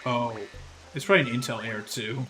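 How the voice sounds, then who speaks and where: A young man streams a game and rants to his chat, cursing freely in a casual, chatty way. His voice sits at a middle pitch. Game music plays clearly under his voice. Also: fairly quick, bright, forceful tone. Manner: profane, ranting, talks to chat.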